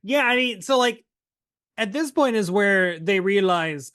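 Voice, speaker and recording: High-voiced chatty man recapping a show. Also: unhurried, no echo, clean studio sound. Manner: animated, laughing, acts out quotes. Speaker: podcast co-host. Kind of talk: casual chat recapping a TV episode.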